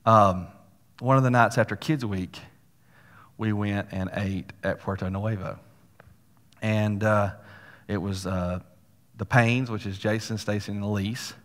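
A man's voice: fairly low pitch, fairly even intonation, measured pace, long pauses, a bit bright. A male pastor preaching a sermon, telling a story in a folksy way with casual asides to the congregation. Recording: long hall reverb.

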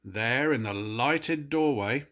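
An older man, a grandfather, gently reading a picture book aloud to children and pointing out the pictures. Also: medium pitch, slow pace. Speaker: grandfather storyteller.

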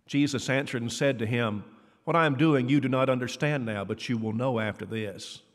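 Man preaching in a reverberant church. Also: normal speed. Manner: conversational, acts out quoted dialogue with rising pitch. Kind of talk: sermon. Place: church hall.

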